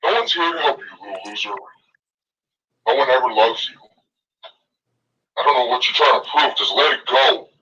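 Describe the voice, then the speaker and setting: A man's voice: mid-range voice, lively intonation, moderate pace, pauses often, sharp tone, distant mic, dull audio. A man voicing a cruel teenage bully who threatens and mocks a weaker boy while reading game dialogue aloud. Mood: sneering. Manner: sneering, threatening, mocking.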